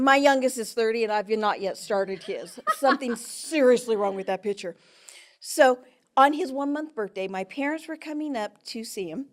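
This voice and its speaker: With a fairly high-pitched voice, a fifties-aged woman tells a personal story during an interview where she is the guest expert. Her delivery moves energetically from loud to soft and back.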